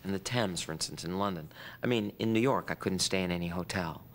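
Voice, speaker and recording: A man in an interview, telling his story in an animated way and acting out screaming fans. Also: low voice, quick pace, a little hiss or hum. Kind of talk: reflective interview recollection.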